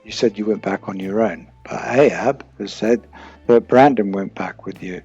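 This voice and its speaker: A man's voice: lowish voice, moderate pace, vocal fry, a little mellow, slightly rough, dry recording, highs cut off, soft background music. A man doing a casual true crime commentary, rambling and firing questions at people who are not there. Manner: rambling, asks questions aloud to absent people.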